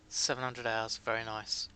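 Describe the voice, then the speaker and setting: A man's voice: medium pitch, pushed and bright, slight background noise. A British man chatting casually with his live-stream chat while playing a game, joking at his own expense. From Britain.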